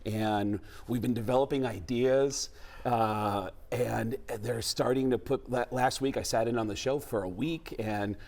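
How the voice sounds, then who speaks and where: A man's voice: mid-range voice, measured pace, creaky. A man from the Bronx, a comedian and impressionist guest, telling stories on a talk show and slipping into voices. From the Bronx, New York. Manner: animated, jumps into voices and impressions.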